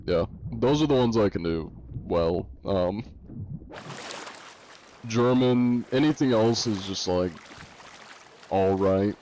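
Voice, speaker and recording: A relaxed male streamer chats with his viewers while he plays. His voice is fairly low and mellow, and he laughs easily between loose, unhurried thoughts. A faint background noise sits under the desk-mic recording. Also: low-quality recording. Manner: laid-back, laughs often, many fillers. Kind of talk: casual gameplay chat.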